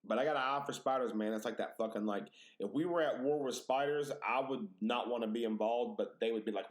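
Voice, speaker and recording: He barely pauses, talking briskly at medium pitch as a podcast host. The chat is casual, and his stories are animated, profane, and heavily exaggerated.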